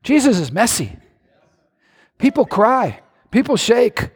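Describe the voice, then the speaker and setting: A male pastor delivers a lively sermon in a high, bright voice. He swings from calm teaching into sudden shouts and playful high-pitched mimicry. The sound carries a long echo from the church hall. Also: slow pace, breathy edge.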